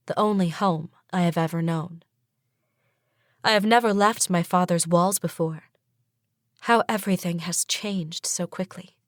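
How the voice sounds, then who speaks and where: A woman's voice: on the low side, no room sound, studio quality. Woman narrating a fantasy audiobook. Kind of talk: scripted first-person narration.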